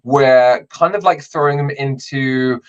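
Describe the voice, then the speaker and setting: Male podcast host, relaxed chatty delivery full of fillers; middling voice, dull recording. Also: mid-range voice, a little slow. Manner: explains rules with many fillers. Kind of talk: casual sports podcast chat. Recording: slightly dull lo-fi audio.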